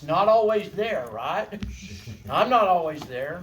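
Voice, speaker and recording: A man's voice: sits high, very animated, unhurried, slight background noise. A man directing a choir rehearsal, calling out sections and parts and encouraging the singers. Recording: distant mic in a room with singing.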